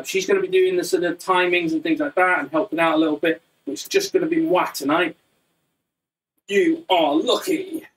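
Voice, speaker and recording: A man teaching an online Muay Thai class from his living room, chatty and jokey, rambling between instructions. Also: on the high side. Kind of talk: casual live online class chat. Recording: distant, slightly roomy sound.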